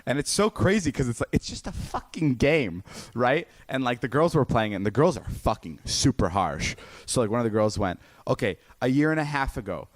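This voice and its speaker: A young man telling a story in casual podcast chat, animated and swearing a lot, with many fillers and restarts. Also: mid-range voice, brisk, hardly any pauses, no room sound. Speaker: podcast guest.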